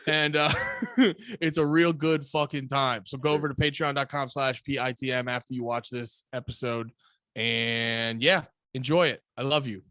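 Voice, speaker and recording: A man co-hosting a casual podcast, animated, laughing and swearing often. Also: mid-range voice, normal speed, no echo. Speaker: podcast co-host.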